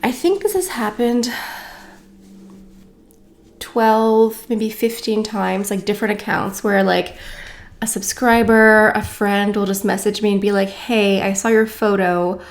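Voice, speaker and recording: A woman's voice: medium pitch, measured pace, vocal fry, long pauses. A woman beauty vlogger chatting casually to camera, venting in an exasperated way with lots of fillers.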